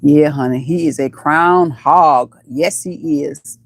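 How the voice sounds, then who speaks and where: A woman hosting a casual live stream, chatting playfully with viewers, calling them baby and honey and breaking into high squeals. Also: slow pace. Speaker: livestream host.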